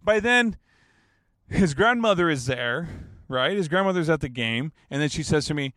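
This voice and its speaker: A man's voice: fairly high pitch, lively intonation, unhurried, fairly bright tone, no echo. A man in his thirties telling a story in a casual, rambling way, swearing freely and laughing at his own jokes. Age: 30s. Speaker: basketball fan telling a story.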